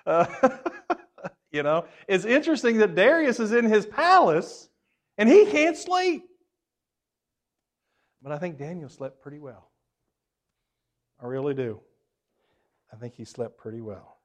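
A man's voice: sits high, wildly swooping pitch, a little slow, long pauses. Man teaching a conversational Bible class. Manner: conversational, questions the class, frequent "uh" and self-corrections.

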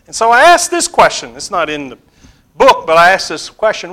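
A man teaching a Bible class, putting questions to the students and pausing with fillers. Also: high voice, very animated, pushed and bright.

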